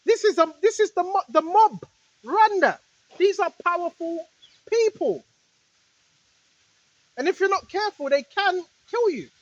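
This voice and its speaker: High-voiced woman preaching in a rambling way. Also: lively intonation, a little slow, long pauses, no room sound, muffled recording. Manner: repetitive, fires rhetorical questions at listeners; talks straight to listeners, now and then shouting rebukes at spirits. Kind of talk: rambling spiritual monologue.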